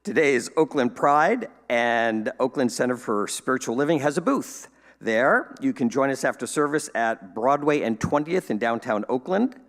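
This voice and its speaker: A man's voice: medium pitch, expressive, moderate pace, long reverb tail. Upbeat man hosting church announcements. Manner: upbeat, playful, joking asides. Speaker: service host giving welcome and announcements. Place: church sanctuary.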